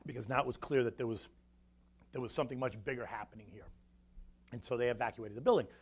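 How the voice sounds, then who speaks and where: A middle-aged man telling a story to an audience in an animated, conversational way, often checking in with the listeners. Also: medium pitch, fast talker, breathy edge. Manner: animated, conversational, frequent "right?" asides. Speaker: guest speaker.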